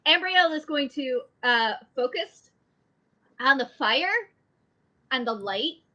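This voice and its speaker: A woman playing in an online tabletop game, thinking aloud in a measured way as she describes her character's move. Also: sits high, animated, bright, forceful tone, lo-fi sound. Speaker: player. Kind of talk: casual chat during a tabletop game.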